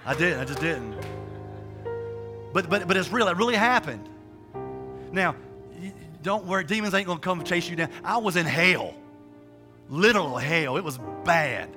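A man's voice: fairly high pitch, lively intonation, moderate pace, pauses often, over music. A man preaching a sermon and telling a personal testimony, with a rambling, emphatic, colloquial delivery full of restarts and repetitions.

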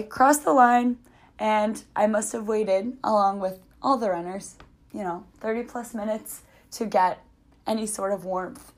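A woman hosting a podcast, telling a personal story in a chatty, reflective way with many fillers. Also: medium pitch. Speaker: podcast host.

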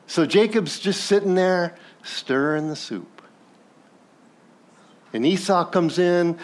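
A male pastor preaching a sermon in a conversational, animated way, asking the congregation questions and briefly acting out characters from the story. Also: sits high, slow, long pauses. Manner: animated, acts out biblical characters in passing.

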